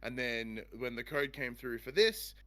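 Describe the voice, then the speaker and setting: A man hosts a casual podcast chat about games. His voice sits in a middle pitch, and he talks at length with plenty of enthusiasm. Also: animated, measured pace, fairly bright tone. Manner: rambling, enthusiastic. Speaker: podcast host.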